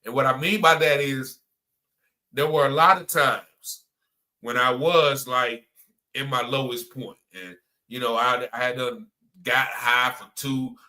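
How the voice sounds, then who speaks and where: A man's voice: medium pitch, fairly even intonation, unhurried, sharp tone. A man from North Carolina, giving a spoken religious testimony in a conversational way, often repeating himself and saying "you know" and "man.".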